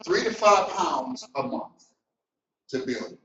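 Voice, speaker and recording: A middle-aged man giving a motivational business talk, animated and preacher-like, swinging between loud and soft. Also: on the high side, slow pace, slight background noise. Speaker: business coach. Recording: roomy, distant, dull sound.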